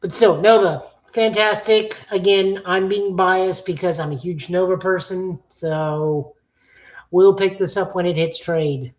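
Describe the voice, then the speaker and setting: On a comics-review podcast, this co-host offers opinionated, casual takes peppered with fillers. She speaks at a measured pace in a lowish voice with fairly even intonation, and the recording is low quality.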